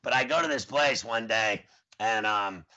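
A man's voice: lowish voice, a little slow. A man in his forties hosting a show in casual chat, telling rambling stories and acting out what people said. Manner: rambling, animated storyteller who acts out quotes. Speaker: podcast host. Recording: dull lo-fi audio.

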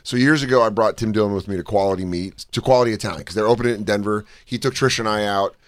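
A man's voice: on the low side, racing, no room sound. A man co-hosting a comedy podcast, mocking his friends and telling stories. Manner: joking, mocking. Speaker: podcast co-host.

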